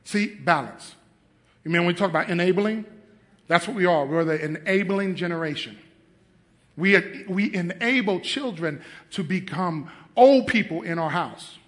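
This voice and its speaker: A middle-aged male pastor preaching with great animation. His voice sits high and swings widely in pitch, with a bright, forceful edge. He acts out little scenes in different voices and laughs often. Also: animated, a little slow, long pauses. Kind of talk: sermon.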